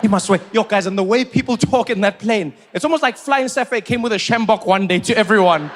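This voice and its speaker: A man's voice: sits high, a little fast, a bit bright, slight background noise. A man in his forties from South Africa doing stand-up comedy, telling stories with incredulous rising questions.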